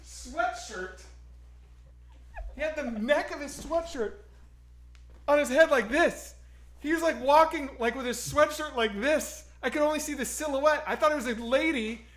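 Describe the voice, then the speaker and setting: A man co-hosting a streamed chat, telling a story in an excitable way and swearing often. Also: very high-pitched, normal speed. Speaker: stream co-host.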